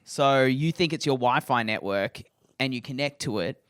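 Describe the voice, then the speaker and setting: A man with a smooth, resonant voice co-hosts a comedy podcast, spinning long, playful stories. His voice is recorded close and dry, with no room sound around it. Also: mid-range voice, moderate pace, a bit bright, no echo. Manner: rambling, playful storytelling. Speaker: podcast co-host. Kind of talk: casual comedic chat.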